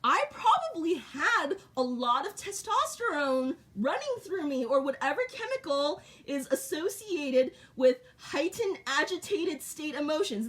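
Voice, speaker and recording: A woman's voice: high-pitched, fairly bright tone. A middle-aged woman vlogging in short, repetitive, blunt sentences. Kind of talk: casual monologue to camera.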